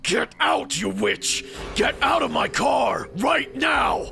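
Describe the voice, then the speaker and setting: A man voicing a furious male rideshare driver with a flat, robotic manner who bursts into shouting. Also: very high-pitched, slow pace, gravelly, slight background noise, pitched above the performer's own voice, heavily acted. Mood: raging. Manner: shouting, menacing. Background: music.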